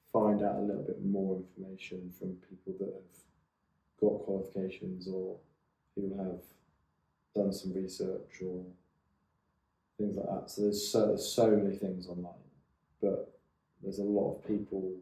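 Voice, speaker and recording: A man's voice: low-pitched, mellow. A man, co-hosting a podcast in a chatty, teasing, rambling way. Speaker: podcast co-host. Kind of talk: casual chat. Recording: echoey room.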